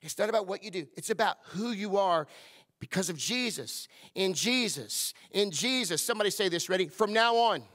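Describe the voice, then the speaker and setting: A middle-aged man preaching a sermon, leading call-and-response and hushing his voice for quoted lines. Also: high-pitched, animated, brisk. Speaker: pastor. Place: church service.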